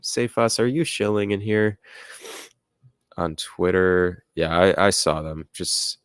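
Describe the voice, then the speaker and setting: Low-voiced young man chatting on stream. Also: slow pace, a bit bright, smooth, no echo, clean studio sound. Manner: rambling, filler-heavy, laughs at chat comments. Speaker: livestream host reading chat. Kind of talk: casual livestream chat. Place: home room with music playing nearby.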